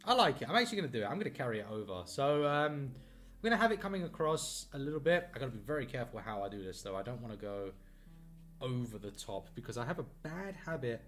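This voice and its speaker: Drawing on a live stream in his home art studio, a man talks fast in a medium-pitched, somewhat bright voice with big swings in pitch, faint music behind him. He's chatty and upbeat, rambling, running himself down and using many fillers.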